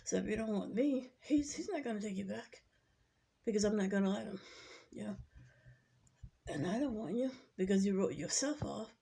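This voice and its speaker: Gravelly, husky woman ranting. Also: mid-range voice, expressive, moderate pace, pauses often, mellow. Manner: agitated, preachy, repetitive. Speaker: vlogger. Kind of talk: rambling monologue to camera.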